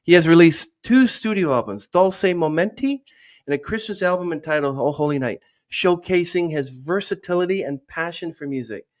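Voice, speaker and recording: A man's voice: fairly high pitch, expressive, moderate pace. A man hosting a podcast, reading out a guest introduction with emphatic asides and then welcoming the guest. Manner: emphatic, breaks in with asides to his co-host. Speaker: podcast host.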